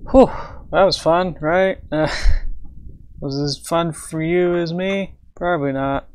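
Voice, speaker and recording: A man's voice: on the high side, slow. A man chatting casually on his livestream as he draws, thinking aloud, humming to himself and chuckling between remarks. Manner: thinks aloud, hums and chuckles while he works. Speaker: livestreaming artist. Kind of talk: casual livestream chat while drawing.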